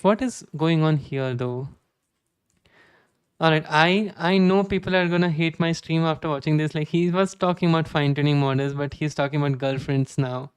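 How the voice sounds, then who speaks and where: A man's voice: fairly high pitch, smooth, no room sound, studio quality. A man in his twenties chatting casually with viewers during a live coding stream, self-deprecating and often restarting his sentences. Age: 20s.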